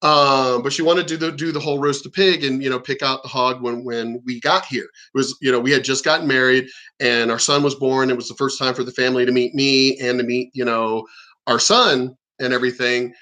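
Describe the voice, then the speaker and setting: A man's voice: mid-range voice, steady tone, a little fast, sharp tone. A man telling stories and ranting in a blunt, profane, combative monologue. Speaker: vlogger.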